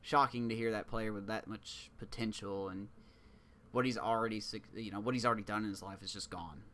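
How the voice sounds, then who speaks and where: A man's voice: fairly low pitch, fairly even intonation, a little fast, bright, forceful tone, slight background noise. A man co-hosting a sports podcast in loose, rambling, jokey casual chat. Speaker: podcast co-host.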